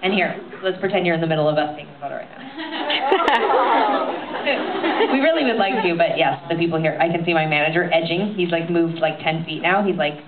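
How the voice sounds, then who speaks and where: A woman's voice: lowish voice, lively intonation, brisk. A young woman musician answering audience questions on stage, telling rambling jokes and stories. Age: young adult. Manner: joking, rambling storyteller. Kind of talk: casual on-stage chat. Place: large cinema, indoors. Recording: tinny, echoey audience tape with loud crowd.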